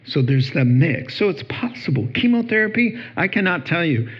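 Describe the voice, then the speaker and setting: A middle-aged pastor preaching to a congregation, lively and humorous in a conversational way. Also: male voice, on the high side, moderate pace, slightly rough, lo-fi sound. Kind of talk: sermon. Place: church hall before a congregation.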